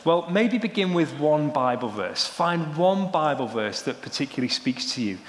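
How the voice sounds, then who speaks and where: Young guy giving a sermon, chatty and animated, big echoey church hall with long reverb. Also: fairly high pitch, moderate pace. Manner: animated storytelling, rising excitedly when joking. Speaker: preacher.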